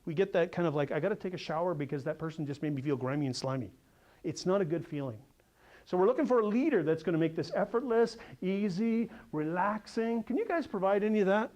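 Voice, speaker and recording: A sales coach gives a seminar talk in a fairly high voice. He is energetic and animated, and he tells stories. He keeps drawing the audience in with questions. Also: fast. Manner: energetic, animated storyteller who quizzes the audience.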